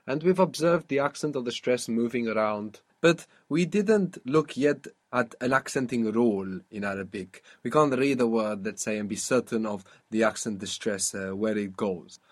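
A man's voice: mid-range voice, moderate pace, few pauses. A man teaching an Arabic lesson, patiently quizzing a student and modelling how words are pronounced. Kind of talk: spoken language lesson.

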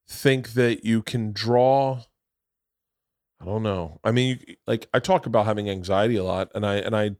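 A man's voice: fairly low pitch, no echo, clean studio sound. Rambling man hosting a podcast. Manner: rambling, with many restarts and stammers. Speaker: podcast host. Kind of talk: casual chat.

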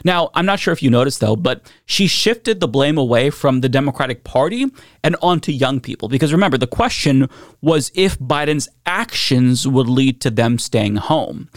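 A man's voice: mid-range voice, animated, normal speed, no room sound, studio quality. A man hosting a political commentary show, talking bluntly and sarcastically with frequent profanity.

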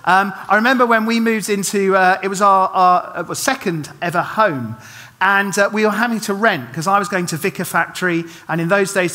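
In a church hall with long reverb, a middle-aged pastor preaches in a high, sharp voice. He's chatty and self-deprecating, restarting often and dropping humorous asides.

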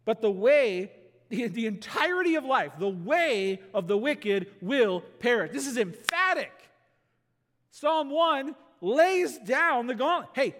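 High-voiced man preaching in a reverberant hall. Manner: preaching with rising emphatic bursts and slowed stresses. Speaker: pastor. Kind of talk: sermon. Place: church sanctuary. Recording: long reverb of a church hall.

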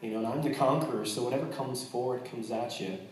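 A man's voice: mid-range voice, quick pace, heavy reverb, recorded from a distance, slight background noise, poor audio. An American man, a missionary, talking earnestly with a congregation, joking in between and restarting his sentences often. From United States. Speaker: missionary speaking to a church. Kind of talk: casual testimony to a congregation.

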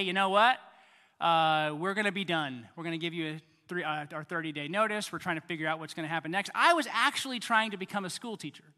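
A man in his thirties preaching a sermon in a conversational way, often repeating words and swinging between loud and quiet. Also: high voice, long reverb tail. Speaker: pastor.

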